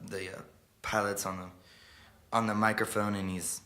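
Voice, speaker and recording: A man performing live, telling a story in a quiet, halting way before a song. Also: on the low side, level tone. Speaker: singer-songwriter performing live. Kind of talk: spoken story intro over guitar. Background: guitar playing.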